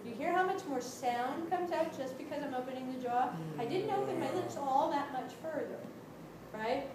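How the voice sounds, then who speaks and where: A woman vocal instructor leading a group singing lesson, brisk and encouraging, checking in with the class and singing demonstration notes. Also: high-pitched, expressive, crowd noise. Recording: echoey room from a distance, noisy.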